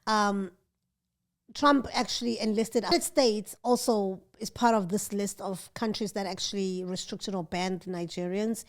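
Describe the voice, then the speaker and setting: A woman's voice: medium pitch, measured pace. Chatty woman co-hosting. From South Africa. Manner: chatty, animated, laughs often, mimics others. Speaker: podcast co-host. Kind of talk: casual chat.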